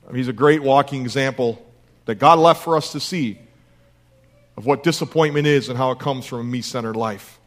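A man's voice: mid-range voice, a little fast. A man preaching a sermon in an earnest way, asking his listeners rhetorical questions. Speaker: pastor.

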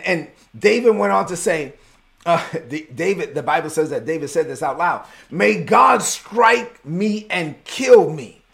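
A man preaching a sermon, retelling a story with lively slang and acted-out voices. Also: a little high, gravelly. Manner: animated storytelling, acts out voices, conversational slang. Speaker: pastor.

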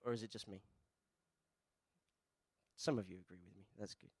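A man's voice: steady tone, moderate pace, husky, no echo. Male preacher, dry close sound. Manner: preaching with rhetorical questions and call-and-response; swings between soft, low asides and loud emphatic peaks. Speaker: pastor. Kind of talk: sermon.

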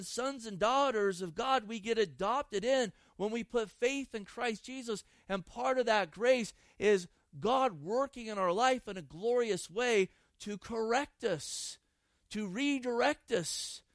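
A man's voice: very high-pitched, dry recording. A man preaching a sermon, emphatic and repeating phrases for stress. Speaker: pastor.

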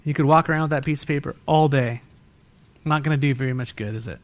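A male pastor preaching a morning sermon to his church, swinging between loud bursts and hushed emphasis and pressing the congregation with rhetorical questions. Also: medium pitch, fast. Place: church service.

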